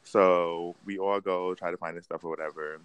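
A young man telling a funny story in casual chat, animated and slangy, often breaking into laughter. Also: low-pitched, normal speed, clear, resonant tone, no room sound. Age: young adult.

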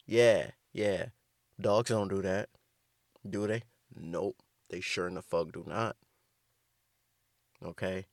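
A man's voice: on the low side, slow, long pauses, no room sound, clean studio sound. A man delivering a rambling, profane comedic rant, riffing loosely and restarting his sentences. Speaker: comedic host.

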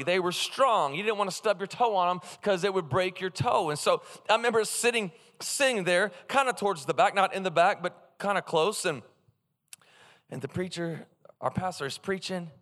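A man preaching a sermon, telling humorous stories and calling out to his congregation. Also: sits high. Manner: humorous, animated, calls out to the congregation. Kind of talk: sermon with personal storytelling. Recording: long hall reverb.

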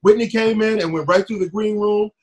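Brief: high-pitched man, lively storyteller in casual talk. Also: a little fast. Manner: animated storyteller acting out quotes. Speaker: former music TV staffer telling stories.

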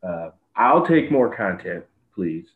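A man's voice: sits low, sing-song, slow pace, narrow, tinny audio. A man co-hosting a podcast in casual chat, rambling through his points with frequent restarts. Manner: rambling, with many restarts and fillers. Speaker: podcast co-host.

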